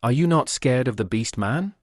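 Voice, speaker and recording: A man's voice: mid-range voice, lively intonation, moderate pace, no room sound, studio quality, natural voice. A man voicing a hot-tempered young male beast man who makes blustering threats. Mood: threatening.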